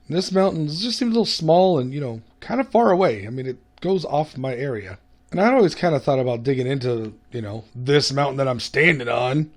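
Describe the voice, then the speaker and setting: A man hosting a gaming video, giving casual gameplay commentary in a chatty, self-mocking way. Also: mid-range voice. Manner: chatty, self-mocking, hums and laughs to himself.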